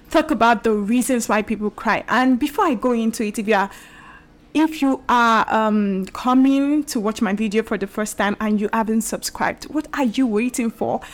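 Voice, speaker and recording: A young woman hosting her own show, talking casually and chattily to her viewers, with fillers and the odd laugh. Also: on the high side. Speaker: podcast and video host. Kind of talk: casual solo talk to camera.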